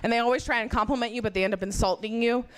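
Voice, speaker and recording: Performing stand-up with a handheld mic in a club, this woman is rapid-fire, brash and profane. Her intonation stays fairly even, though she drops into lowered voices to act out others.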